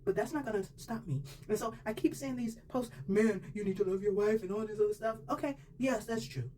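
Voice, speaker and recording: A woman's voice: medium pitch, a little fast, warm tone. A woman giving a personal faith testimony in a colloquial, emphatic storytelling manner. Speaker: testimony speaker. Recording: distant mic with faint background noise.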